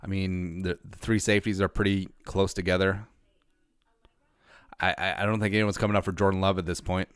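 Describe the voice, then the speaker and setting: A man hosting a casual livestream podcast, laid-back and wry, reading out viewer shout-outs with quick jokes. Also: sits low, flat delivery, clean tone, no echo, studio quality. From Minnesota. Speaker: podcast host.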